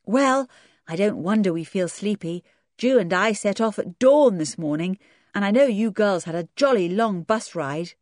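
A woman reading an audiobook and voicing a cheeky, outspoken schoolboy who talks briskly and teases. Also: medium pitch, lively intonation, darkish tone, no room sound, studio quality, voice pushed up, close to an everyday voice. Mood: teasing. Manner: brisk, teasing.

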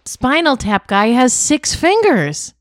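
A woman's voice: sits high, big pitch swings, takes it slowly, no echo, studio quality. A woman co-hosting a casual chat, teasing and sarcastic-sounding. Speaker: podcast co-host.

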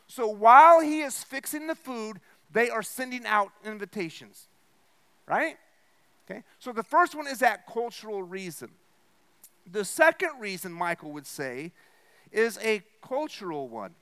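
Male pastor, high bright voice, sermon to a congregation, keeps checking they follow. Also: big pitch swings, a little slow, smooth. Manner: explains with repeated "okay?" and "right?" checks; acts out the host's lines with a raised voice. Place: church.

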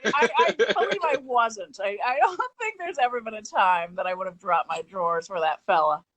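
A woman guest in a comedy podcast, giving sardonic, deadpan asides. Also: mid-range voice, normal speed. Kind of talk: casual comedic banter.

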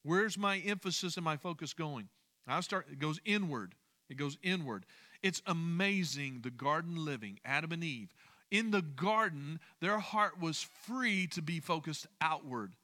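A man's voice: fairly high pitch, sharp tone. A man leading a midweek Bible study, speaking emphatically, repeating key phrases and putting questions to his listeners.

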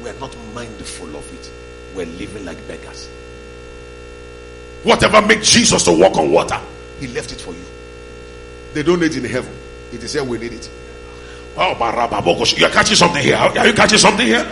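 A man preaching a sermon as pastor, calling the congregation to shout back, in a church hall with music and hum behind. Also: medium pitch, sing-song, brisk, vocal fry, pauses often. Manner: call-and-response, shouting bursts.

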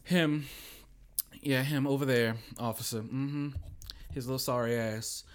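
A man's voice: medium pitch, fairly even intonation, a little slow, clean tone, pitched above the performer's own voice, natural voice. A man voicing a fed-up wife who is sassy and dismissive. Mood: scornful.

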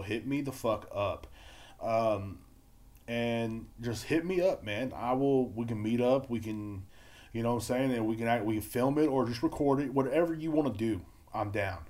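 A man hosting his own podcast, ranting and rambling with constant swearing, shifting from loud outbursts to low mumbling. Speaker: podcast host. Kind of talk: solo podcast rant.

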